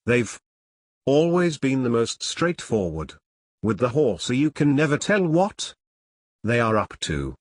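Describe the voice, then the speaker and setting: A man's voice: mid-range voice, dry recording, clean studio sound. A man reading the part of a snobbish older English father who speaks in a clipped, dismissive way. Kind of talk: audiobook character reading.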